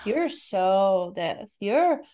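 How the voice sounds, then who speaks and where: A woman mimicking a grandiose channeled galactic being that flatters its listener, in a slow, mock-solemn tone. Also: medium pitch. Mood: flattering.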